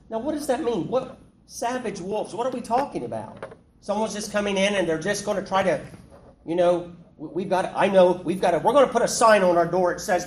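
A man with a somewhat high voice teaches a Bible study group in a casual, conversational way and keeps asking them questions. The room is echoey, with a faint hiss underneath. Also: expressive, normal speed.

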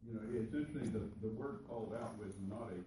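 A man's voice: on the low side, fast talker, mellow. A man in a study group, commenting and reading a passage aloud. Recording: distant, very echoey room with noise.

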